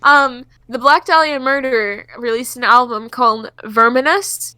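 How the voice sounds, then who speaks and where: A woman's voice: fairly high pitch, measured pace, sharp tone, smooth, no echo. A woman co-hosting a music podcast, chatting casually with short agreeing replies and frequent giggles. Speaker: podcast co-host. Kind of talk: casual chat.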